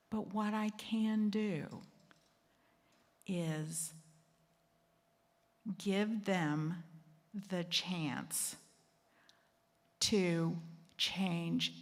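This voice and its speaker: In a large hall, a woman with a lowish voice hosts a secular assembly, speaking conversationally. She jokes at her own expense and acts out the quotes she shares.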